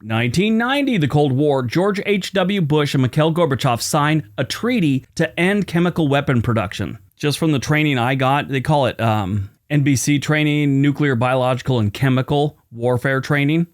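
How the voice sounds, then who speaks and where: A man's voice: a little high, normal speed, few pauses. Chatty man with a slight lisp. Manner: chatty asides between read facts. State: after dental work. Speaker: host. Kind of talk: casual history narration.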